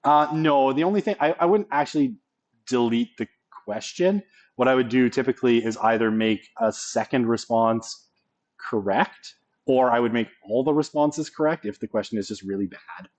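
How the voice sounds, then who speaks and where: A man's voice: medium pitch, normal speed, darkish tone. A man giving a casual college sociology lecture, often checking in with the class by asking "right?".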